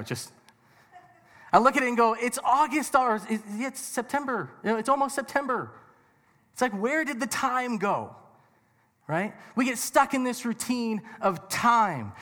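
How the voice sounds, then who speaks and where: A man with a high voice preaches to a crowd, chatting and joking and tossing out questions. The sound carries a long echo of a big hall behind him. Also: fairly bright tone. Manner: conversational and joking with the audience, rhetorical questions. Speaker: pastor. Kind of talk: sermon. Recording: reverberant hall.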